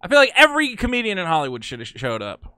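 A man hosting a casual commentary vlog, talking in an excitable, rambling, exasperated way. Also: sits high, very fast, background noise. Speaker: channel host.

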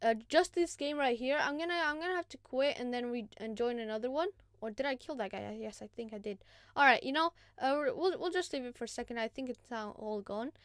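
A woman hosting a gaming channel, giving casual gameplay commentary in an excitable, chatty, self-mocking way. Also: fairly high pitch, brisk, smooth, no room sound, clean studio sound.

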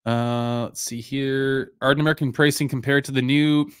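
A man's voice: medium pitch, normal speed, clear, resonant tone, no echo, clean studio sound. Man hosting a casual live stream. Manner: relaxed, rambling, many fillers and restarts. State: voice going a bit hoarse. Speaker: live-stream whisky reviewer, host. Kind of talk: casual live-stream chat, answering viewer comments.

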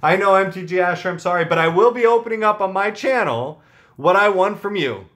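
Male channel host with a slightly high voice, loose and joking, full of fillers. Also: lively intonation, a little fast, fairly bright tone. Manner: rambling, joking, with frequent fillers. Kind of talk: casual chat to viewers.

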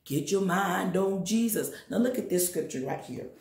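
Woman Sunday school teacher, fervent preacher; gravelly edge, echoey room, bursts of high exhortation. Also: lively intonation, moderate pace, a little mellow. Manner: addresses listeners directly. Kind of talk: sermon.

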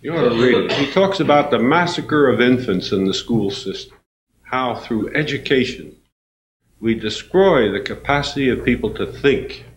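A man, a university professor, giving a storytelling lecture, animated and acting out the voices in his anecdotes. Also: medium pitch, normal speed. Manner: animated, acts out quoted voices, chuckles. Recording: roomy hall with faint noise.

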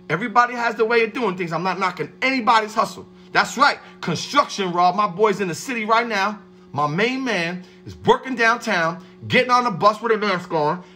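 Man, motivational livestream host, streetwise and hyped, high voice, bright tone. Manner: hyped, streetwise, shouts out viewers by name. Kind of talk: motivational livestream pep talk.

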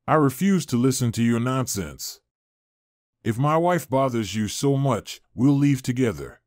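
Firm young husband, guy reading, exasperated, pitch all over. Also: expressive, measured pace, a little mellow, no room sound, studio quality, lightly acted.

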